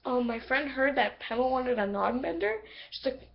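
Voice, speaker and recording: A woman giving a casual, rambling episode review on a computer microphone, excitable and full of fillers. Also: high-pitched, normal speed, vocal fry, dull audio. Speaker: video reviewer.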